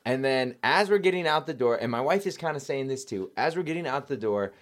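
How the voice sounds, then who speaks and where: A man co-hosting a podcast, telling family stories in a lively way and acting out what others said. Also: medium pitch, a little fast. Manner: animated storyteller who acts out quotes. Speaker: podcast co-host. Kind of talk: casual chat.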